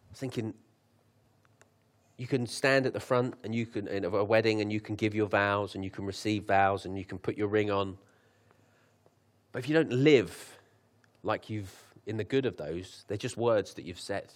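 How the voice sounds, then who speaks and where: Preacher, low and conversational. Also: male voice. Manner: conversational, laughs at his own asides; reads scripture slowly with lifted emphasis. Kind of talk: sermon.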